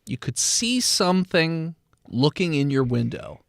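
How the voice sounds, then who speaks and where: Lively man narrating as game master. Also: a little high, measured pace, vocal fry, dry recording. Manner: lively narration, slips into put-on cop voices, laughs often.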